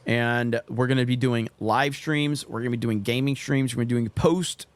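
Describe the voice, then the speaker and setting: A man's voice: medium pitch, normal speed, no room sound. A man hosting a casual live-stream chat show, reading viewer comments aloud and plugging a membership.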